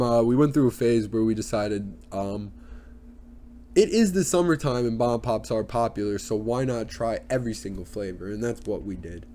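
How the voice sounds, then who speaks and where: A young man ranting on his solo podcast, rambling and crude, full of fillers. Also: lowish voice. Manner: rambling, crude, with many fillers and put-on voices. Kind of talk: casual solo podcast rant.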